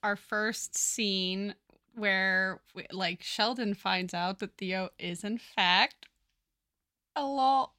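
A woman co-hosting a casual book podcast, recapping a novel and reading its dialogue aloud with animated voices. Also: medium pitch, slow pace, no room sound, studio quality. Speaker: podcast co-host.

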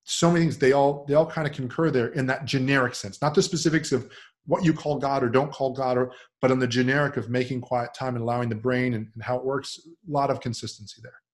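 A middle-aged man speaking as a podcast guest in a relaxed, reflective conversation, voice lifting into lively impressions when he quotes other people. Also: medium pitch, fast. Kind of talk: casual conversational interview.

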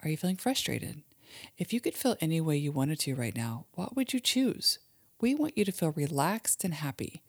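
A woman, a mother hosting a children's show, leads a guided imagery exercise in a gentle, soothing manner and sometimes drops to a soft whisper. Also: deep voice, very animated, normal speed, no room sound, studio quality. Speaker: host and mother leading guided relaxation for kids.

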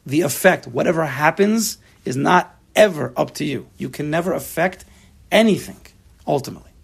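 A man's voice: on the high side, expressive, normal speed, creaky, slightly rough. A man teaching a religious text class to students, emphatic, often acting out imagined inner voices. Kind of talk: Torah class lecture, explaining a text to students.

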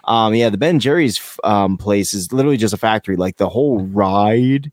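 Man from the US, podcast co-host, fairly low voice, laid-back, dry sound. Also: brisk, darkish tone, no echo. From United States. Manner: laid-back, swears casually. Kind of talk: casual chat.

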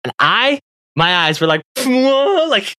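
Animated man telling a story. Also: very high voice, slow, dry recording, clean studio sound. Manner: animated storyteller, laughs often, acts out quotes. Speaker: podcast co-host. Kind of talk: casual storytelling chat.

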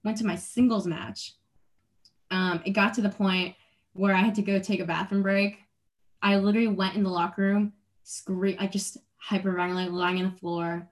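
A woman's voice: mid-range voice, steady tone, moderate pace. Earnest young woman rambling with laughs. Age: young adult. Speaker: athlete guest. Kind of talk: casual interview.

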